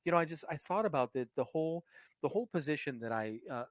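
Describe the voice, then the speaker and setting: A man's voice: on the high side, animated, fast talker, no room sound. A man co-hosting a podcast in casual chat, rambling and swearing freely, with lots of fillers and restarts. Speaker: podcast co-host.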